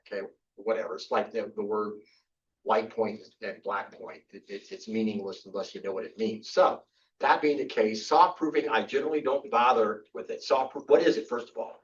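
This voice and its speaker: A man's voice: fairly low pitch, normal speed. An older man giving a casual workshop lecture on photography, chatty and rambling with frequent restarts and fillers. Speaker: photography instructor. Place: club meeting room. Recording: distant, dull room recording.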